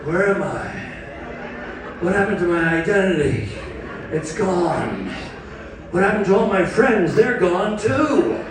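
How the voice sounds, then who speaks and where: A man's voice: sits high, sing-song, unhurried, long pauses. Self-deprecating male stand-up comic. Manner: self-deprecating, chatty with the crowd. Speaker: stand-up comedian. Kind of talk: stand-up comedy. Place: cruise ship theater. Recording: echoey hall, distant mic, audience noise.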